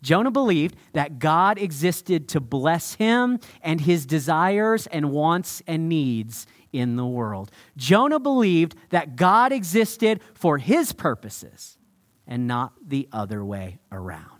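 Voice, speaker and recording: A man preaching a sermon with energy, acting out quotes and slowing down to stress his points. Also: on the high side. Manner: energetic, acts out quotes, slows down for emphasis. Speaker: pastor.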